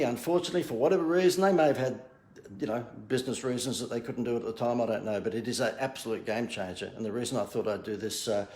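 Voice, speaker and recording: A man's voice: medium pitch, a little mellow, echoey room. A man giving a casual live talk on his phone, bantering and joking about himself as a marketing coach. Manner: jokey, self-mocking salesman banter. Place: outdoors near a harbour. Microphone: phone camera.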